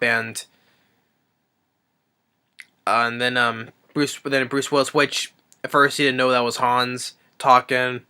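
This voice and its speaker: Bright, clear-voiced man rambling through a movie recap. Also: medium pitch. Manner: rambling and enthusiastic, acts out quotes. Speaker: movie reviewer. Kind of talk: casual movie plot recap.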